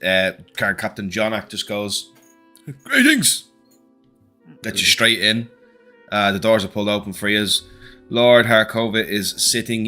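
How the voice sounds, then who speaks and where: A man in a lowish, bright, forward voice guides a tabletop horror game. He talks casually with fillers and drops into characters' lines now and then. Faint music plays underneath. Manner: casual narration with fillers, voicing lords in character. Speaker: game master. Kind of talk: narrating a tabletop role-play.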